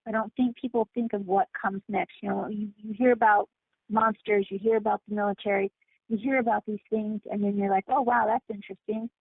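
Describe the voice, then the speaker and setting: A woman guest on a call-in talk show, telling her story in an animated, emphatic way over the phone. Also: mid-range voice, a little fast, slightly rough, dry recording. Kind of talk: casual phone interview. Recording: tinny phone line.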